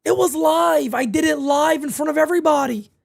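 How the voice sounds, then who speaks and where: A man's voice: very high voice, brisk, gravelly. A man hosting a live fan watch party, calling the plays and chatting with viewers in a playfully melodramatic way that repeats phrases. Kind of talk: live fan play-by-play and chat.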